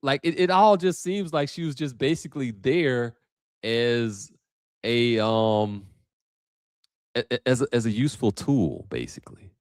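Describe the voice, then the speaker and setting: A man's voice: medium pitch, animated, unhurried, dry recording, studio quality. A man hosting a livestream, talking casually and thinking aloud with many restarts. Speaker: host. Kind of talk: livestream commentary.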